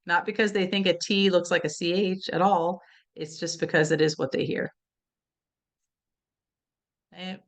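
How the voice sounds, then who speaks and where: A woman giving an explanatory webinar lecture on spelling, talking conversationally and often checking in with "right?". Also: on the low side. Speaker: literacy educator presenting a webinar.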